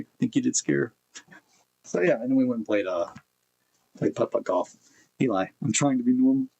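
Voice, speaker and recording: A man chatting casually on a stream, with a husky, slightly breathy voice at an ordinary pitch. He rambles through a self-mocking anecdote, full of restarts and asides. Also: darkish tone, poor audio. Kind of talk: casual chat.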